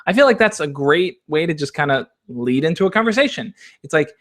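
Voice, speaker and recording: A man's voice: sits high, animated, fast, hardly any pauses, a bit bright. A man hosting a casual question-and-answer stream. He gives advice in an encouraging, coach-like way and keeps checking in with his listeners. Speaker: advice channel host. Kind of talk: casual Q&A livestream.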